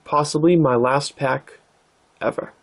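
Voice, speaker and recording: A man hosting his own card-opening vlog, talking in a relaxed, thoughtful way with plenty of "uh"s and "um"s. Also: fairly high pitch, unhurried. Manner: relaxed, thoughtful, with many fillers. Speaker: card-opening channel host. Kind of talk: casual vlog narration.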